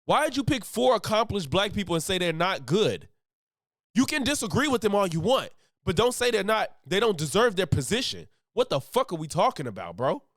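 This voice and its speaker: A man's voice: high-pitched, sing-song, fairly quick, fairly bright tone, no room sound, clean studio sound. A man streaming his reaction to a video, talking loosely, swearing and laughing often. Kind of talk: casual reaction commentary.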